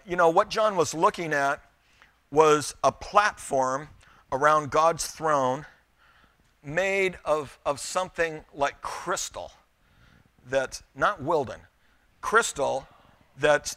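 A man's voice: a little high, slow pace, pauses often, pushed and bright, no room sound. A middle-aged man preaching a sermon, telling a folksy story and speaking directly to his congregation. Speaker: pastor.

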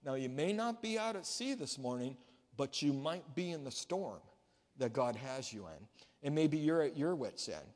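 A man's voice: mid-range voice, big pitch swings, moderate pace, a little mellow. Male pastor preaching in a reverberant hall. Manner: storytelling, conversational preaching with restarts. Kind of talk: sermon. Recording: long reverb of a large hall.

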